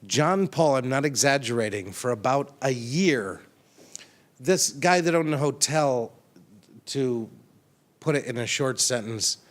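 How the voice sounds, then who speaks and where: A chiropractor speaks to a conference audience in an animated storytelling style. His voice sits at a middle pitch, and he acts out the lines he once shouted as he tells the story. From United States.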